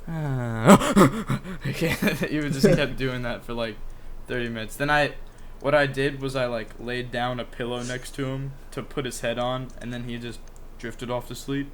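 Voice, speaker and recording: A man's voice: medium pitch, steady tone, moderate pace, few pauses, fairly bright tone. A young man co-hosting a podcast, telling a pet story in a rambling, casual way with lots of fillers, restarts and swearing. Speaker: podcast co-host. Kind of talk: casual chat.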